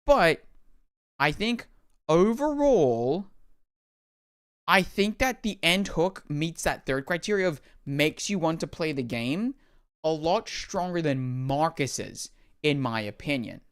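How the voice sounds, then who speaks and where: A man's voice: a little high, lively intonation, slow, smooth. A young man streaming live, reacting to game trailers in a rambling, self-deprecating way.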